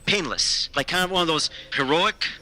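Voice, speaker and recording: A man's voice: fairly high pitch, normal speed, bright, forceful tone, low-quality recording. An actor playing a desperate, rambling male comedian who calls into a podcast, stammering as he talks. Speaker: caller. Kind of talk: comedic audio drama acting.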